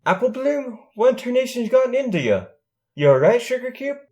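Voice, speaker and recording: A man's voice: extremely high pitch, brisk, highs cut off, voice pushed up, full character voice. A man doing Applejack, drawling country mare. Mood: surprised. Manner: folksy drawl, calming. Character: country mare, big sister pony, folksy and soothing.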